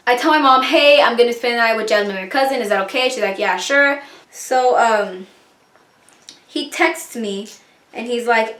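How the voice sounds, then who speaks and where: A young woman telling a storytime vlog, animated and acting out quoted lines. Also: a little high, moderate pace, roomy sound. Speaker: vlogger.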